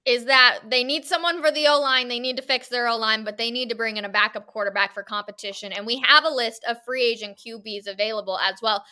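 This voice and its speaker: A woman's voice: on the high side, steady tone, quick pace, few pauses, sharp tone, clear, resonant tone. A female sports radio co-host, upbeat, reading out lists and weighing in on the debate.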